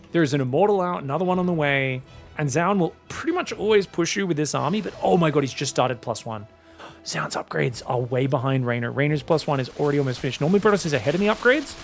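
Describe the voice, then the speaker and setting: A man casting a strategy game match solo, excitable and chatty, often calling out to his viewers. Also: a little high, gravelly. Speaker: esports caster.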